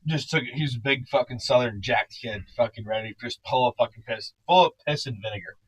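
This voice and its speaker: A man in casual studio banter, loud and joking, swearing constantly. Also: mid-range voice, quick pace, slightly rough, rough recording. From Canada. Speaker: podcast co-host.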